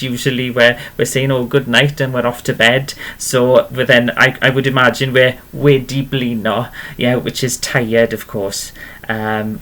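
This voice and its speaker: A man's voice: medium pitch, fairly bright tone. A man teaching a beginner language lesson, patient and encouraging, often checking in with "okay?". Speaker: Welsh language tutor.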